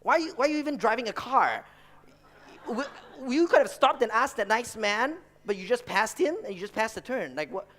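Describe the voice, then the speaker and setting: A man voicing his mother as a nagging backseat driver who scolds and shouts orders. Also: a little high, animated, moderate pace, pitched above the performer's own voice. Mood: scolding.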